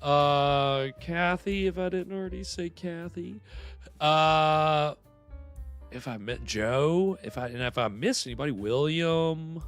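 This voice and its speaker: A man's voice: a little high, slow pace, fairly bright tone, clean tone, faint music behind. A man hosting a livestream, chatting casually and rambling with lots of fillers. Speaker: livestream host. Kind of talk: casual chat.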